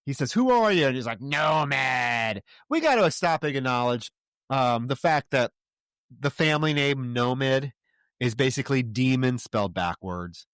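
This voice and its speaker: A man's voice: medium pitch, expressive, moderate pace, clean tone, dry recording. Man recapping a film, dry close mic. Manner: profane, retells scenes with quoted dialogue. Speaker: podcast co-host. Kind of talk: casual film recap chat.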